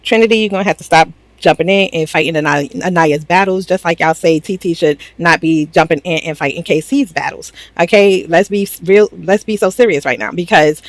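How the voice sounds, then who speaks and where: A woman's voice: on the low side, no room sound. Sassy chatty woman recapping reality TV. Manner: sassy, chatty, quick to laugh. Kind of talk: casual reality show recap.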